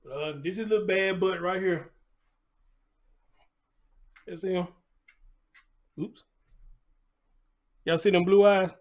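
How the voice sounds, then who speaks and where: A man's voice: high voice, steady tone, slow, pauses often. A man, hosting a casual live show and chatting loosely, talking playfully to his puppy between remarks. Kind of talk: casual live-stream chat.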